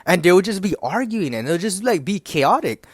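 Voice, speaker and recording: A man's voice: sits high, big pitch swings, fairly quick, breathy edge, dry recording. A young man telling a story in a casual, rambling rant, swearing often and talking straight to his viewers. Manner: rambling, profane, filler-heavy, keeps addressing the audience. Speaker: YouTuber.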